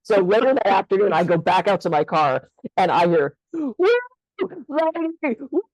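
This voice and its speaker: A woman's voice: fairly low pitch, fairly quick, darkish tone, no room sound, low-quality recording. Older woman, co-host, candid storyteller, dry close sound. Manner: candid, storytelling, laughs often. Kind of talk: casual conversation.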